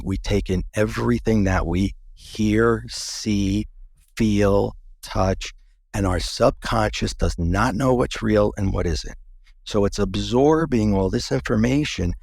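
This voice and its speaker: Male interview guest, low gravelly husky voice, earnest storyteller who restarts sentences, dry close sound. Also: darkish tone, dry recording.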